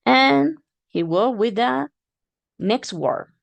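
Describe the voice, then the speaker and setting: A woman teacher giving a demo phonics lesson, patiently repeating words slowly and clearly and encouraging her learners. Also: on the high side, lively intonation, no echo.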